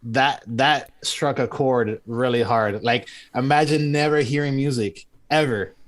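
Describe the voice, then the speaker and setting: A man co-hosting a podcast, excitable and laughing often as he chats with friends. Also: medium pitch, measured pace. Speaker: podcast co-host, musician. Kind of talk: casual chat.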